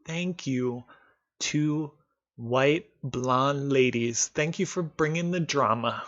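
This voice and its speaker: A man hosts a live stream, reacting to a video with candid, sarcastic commentary, laughing often and putting on mocking voices. He speaks slowly with a medium pitch and a fairly bright tone, and the recording is muffled.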